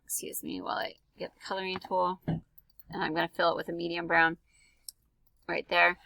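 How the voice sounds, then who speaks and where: A woman's voice: on the low side, level tone, fairly quick, vocal fry, bright, forceful tone, no room sound, poor audio. A woman art teacher talking through a drawing tutorial in a casual, chatty way, with many ums and likes. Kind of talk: screen-recorded drawing tutorial.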